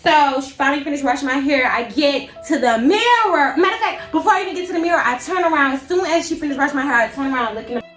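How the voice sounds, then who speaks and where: High-voiced young woman, animated storytime. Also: quick pace, few pauses, soft background music. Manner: animated, slangy, dramatic inner monologue. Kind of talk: storytime vlog, casual retelling. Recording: echoey room.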